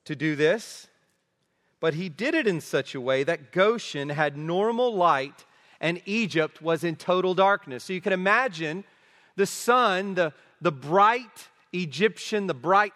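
A pastor preaching a sermon, emphatic, building to forceful peaks and dropping low at the ends of phrases. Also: male voice. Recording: long reverb of a large hall.

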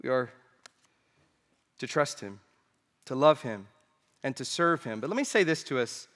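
A man preaching a sermon as pastor, swinging from quiet asides to emphatic rising phrases, with an occasional cough. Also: medium pitch, lively intonation, unhurried. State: coughing now and then. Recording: long hall reverb.

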